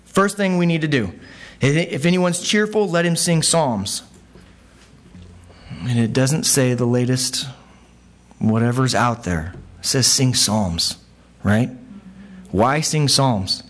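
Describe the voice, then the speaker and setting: A man preaching a sermon in a conversational way, checking in with the congregation with frequent asides and climbing in pitch when he quotes scripture. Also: slow pace, pauses often. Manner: animated, pitch jumps when quoting. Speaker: pastor.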